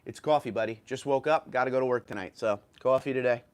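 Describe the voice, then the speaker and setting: A man with a New York accent talks casually into his livestream at an ordinary mid pitch. He thinks aloud as he reads viewer comments, with loose fillers and restarts. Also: quick pace, clean tone. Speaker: livestream host.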